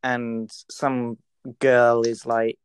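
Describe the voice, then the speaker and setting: Young guy on a podcast, smooth clear voice, dry close sound, argues back a lot. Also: mid-range voice, completely flat delivery, no room sound. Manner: blunt, argumentative, quick to contradict. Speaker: podcast co-host. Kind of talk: casual chat.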